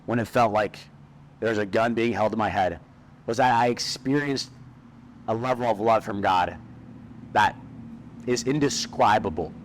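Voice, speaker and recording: A young man giving a personal testimony speech at a live event, earnest and emotional, with dramatic pauses. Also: on the low side. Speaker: speaker at an event. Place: large hall at a live event. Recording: echoey hall with background noise.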